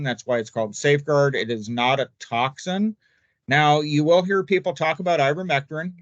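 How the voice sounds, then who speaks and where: A man's voice: medium pitch, fairly bright tone, no room sound. Older man, folksy poultry expert, casual seminar chat, dry dull call audio. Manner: folksy, chatty, jokey. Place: remote virtual seminar.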